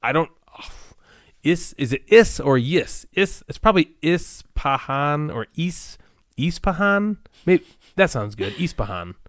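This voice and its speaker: A man's voice: a little high, lively intonation, measured pace, no echo, clean studio sound. A man co-hosting a casual podcast, chatting playfully and laughing at himself while unsure of his words. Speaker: podcast co-host. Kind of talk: casual chat.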